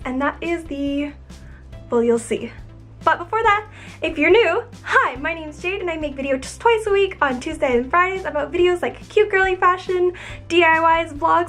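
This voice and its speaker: Bubbly high-voiced young woman gushing. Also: a bit bright. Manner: bubbly and gushing, lots of "oh my gosh". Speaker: YouTube vlogger. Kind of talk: excited unboxing vlog.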